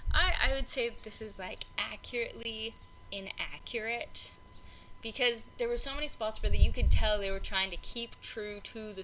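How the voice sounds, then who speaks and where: A young woman rants about a movie in a bright, cutting voice, unscripted and rambling, packed with "like" and "um" and the odd swear word. A faint hiss sits under the recording. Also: medium pitch, poor audio. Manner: rambling, frequent fillers, exasperated, swears freely. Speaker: podcast host reviewing film adaptations. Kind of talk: unscripted casual rant.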